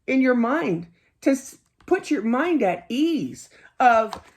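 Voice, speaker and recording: A woman's voice: high voice, very animated, takes it slowly, darkish tone. A middle-aged woman giving a casual tarot reading in a chatty, earnest way, laughing easily and often saying "you know.". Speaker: tarot card reader.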